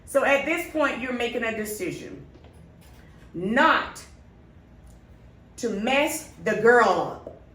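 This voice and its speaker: A woman's voice: fairly high pitch, expressive, slow, pauses often, a bit bright. A woman co-hosting a podcast, telling a family story in casual chat and acting out the quoted lines. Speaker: podcast co-host. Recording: roomy, distant mic, faint noise.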